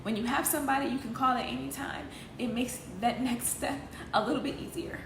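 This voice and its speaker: A woman's voice: sits high, brisk, creaky. A woman healing coach talking earnestly and emotionally to her viewers, direct and faith-filled. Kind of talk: emotional live talk to viewers. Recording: echoey room with noise.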